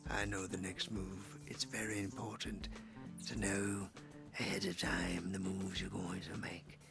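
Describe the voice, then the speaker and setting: A smug, knowing cat in a suit who talks low and quiet, as a man puts him on. He sounds gravelly and sure of every move he makes. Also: flat delivery, a little slow, over music, exaggerated voice.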